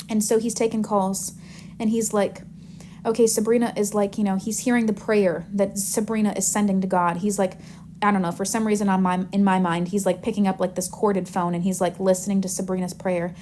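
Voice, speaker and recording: A woman manifestation coach teaching in a live Q&A, animated and chatty as she tells stories. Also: mid-range voice, brisk, a little hiss or hum.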